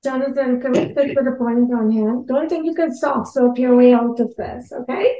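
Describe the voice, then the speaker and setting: A woman's voice: on the high side, moderate pace, mellow. A middle-aged woman co-hosting a podcast, firmly scolding her co-host in a heated casual debate. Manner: firm, scolding. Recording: echoey room.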